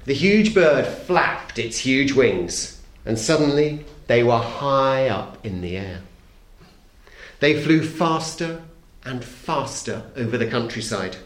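A middle-aged man reading a children's story aloud to an audience, playful and expressive, dropping very soft for suspense. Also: mid-range voice, takes it slowly. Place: talk hall. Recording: echoey hall.

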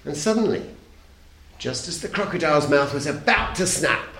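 A middle-aged man reading a children's story aloud, playful and expressive, sinking to a hush at the tense moments. His voice sits a little high and swings widely. The sound rings around an echoey hall. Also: normal speed. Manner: expressive, playful, dropping very soft for suspense. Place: talk hall.

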